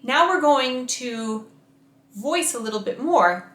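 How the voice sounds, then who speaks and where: A woman voice coach leading a guided vocal warm-up lesson, giving slow, carefully enunciated instructions and demonstrating each exercise. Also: fairly high pitch, roomy sound.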